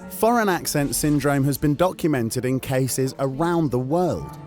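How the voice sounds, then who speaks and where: A man hosting and narrating a science documentary in scripted voice-over with an expressive, rising and falling delivery. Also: medium pitch, unhurried. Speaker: host and narrator. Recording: voice-over over background music.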